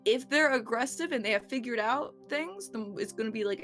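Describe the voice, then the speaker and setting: A woman's voice: on the high side, expressive, brisk, a bit bright, faint music behind. A woman recapping a tabletop game session in a rambling, giggly way, swearing freely and restarting her sentences. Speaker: player recapping the last session.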